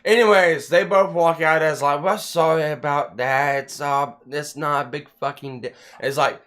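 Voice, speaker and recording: A man's voice: on the high side, normal speed, few pauses. A man hosting a casual podcast, telling a long story with heavy swearing and lots of restarts. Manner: rambling, heavy swearing, animated retelling. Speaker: podcast host.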